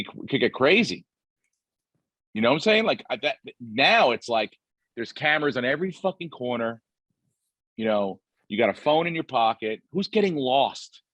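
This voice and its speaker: A man's voice: lowish voice, no echo. A man in his forties hosting a podcast, telling rambling, profanity-laced stories in a casual chat. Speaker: podcast host.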